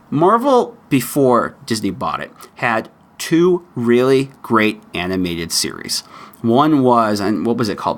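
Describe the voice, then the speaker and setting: A man's voice: mid-range voice, a bit bright. American guy doing a solo podcast, chatty and opinionated, voice jumps all over the place. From United States. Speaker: podcast host. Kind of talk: casual solo podcast commentary.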